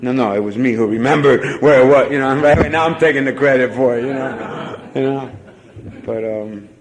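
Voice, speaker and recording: A man's voice: medium pitch, normal speed, background noise. A man giving a rambling, self-mocking personal testimony at a convention, full of "you know" fillers. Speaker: speaker sharing recovery story at a convention.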